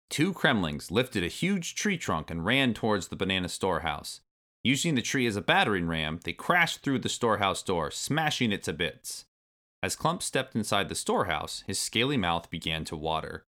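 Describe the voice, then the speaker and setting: Low-voiced man reading a storybook. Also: sing-song, normal speed, sharp tone. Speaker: narrator. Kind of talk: storybook read-aloud.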